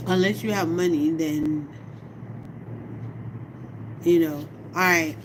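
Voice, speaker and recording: A middle-aged woman speaks slowly and heavily to camera, her voice sitting a little low. She talks in a casual, heartfelt way and keeps asking if you follow her. A steady background noise hums under her. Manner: slow, heartfelt, conversational, often asks "you know what I mean". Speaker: vlogger. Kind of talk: personal vlog monologue.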